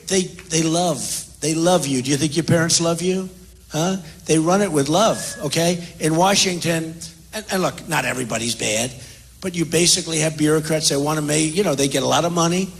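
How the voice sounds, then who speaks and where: An older man answering questions at a town hall, repetitive and boastful, talking off the cuff. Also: on the high side. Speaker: presidential candidate at a town hall. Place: large indoor hall with audience.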